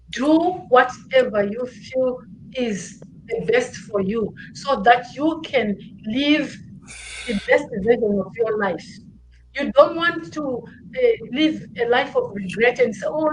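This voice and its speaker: A woman's voice: a little high, unhurried, a little hiss or hum, low-quality recording. A woman guest speaker on a video call, giving earnest, emphatic motivational parting words and repeating points for stress.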